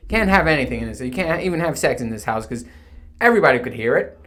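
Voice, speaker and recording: A man's voice: mid-range voice, animated, fast talker, fairly bright tone. A man hosting his podcast from home, chatting casually in a rambling, profane way and laughing at himself. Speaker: podcast host. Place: home room. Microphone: home recording setup.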